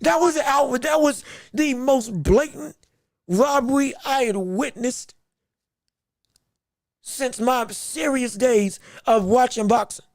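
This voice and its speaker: A man with an extremely high-pitched voice hosts a boxing podcast livestream, offering sports commentary slowly but emphatically and repeating himself when he gets worked up. The recording is dry and sounds clean, like a studio.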